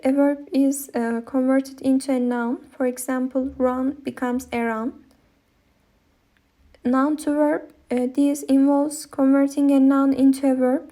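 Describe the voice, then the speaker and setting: A woman's voice: high voice, dark tone. A young woman with a Turkish accent, a non-native speaker reading a linguistics presentation with many hesitations. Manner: hesitant, many ums and uhs.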